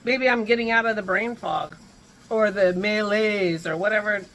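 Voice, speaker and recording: A woman's voice: medium pitch, normal speed, fairly bright tone, a little hiss or hum, poor audio. A woman hosting a casual home vlog, chatting in a rambling way and breaking off mid-thought, with hiccups. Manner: rambling, chatty, self-interrupting. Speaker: vlog host.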